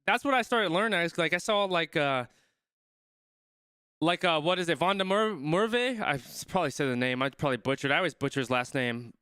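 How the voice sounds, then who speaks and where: A young man talks casually through a live match, thinking aloud and stopping halfway through sentences as he reads viewer comments. His voice is bright and crisp, a bit higher than most men's, and it sits close and dry on the mic. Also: animated, a little fast, no echo. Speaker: streamer reacting to a rugby match.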